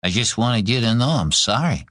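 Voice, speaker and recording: A man's voice: medium pitch, very animated, normal speed, a bit bright, no room sound, studio quality. A male audiobook narrator voicing a shy, naive young American Marine who speaks plainly and earnestly. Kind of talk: audiobook character voice.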